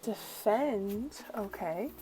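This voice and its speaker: A woman's voice: medium pitch, expressive, very slow, mellow, soft background music, rough recording. Chatty, easily delighted woman tarot reader. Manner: chatty, uses "like" a lot. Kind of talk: casual oracle deck flip-through.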